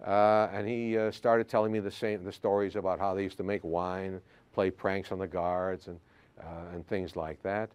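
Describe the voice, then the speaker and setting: An older man, a history professor, telling anecdotes in a classroom lecture, halting with frequent fillers. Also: sits low, level tone, a little mellow, clear, resonant tone.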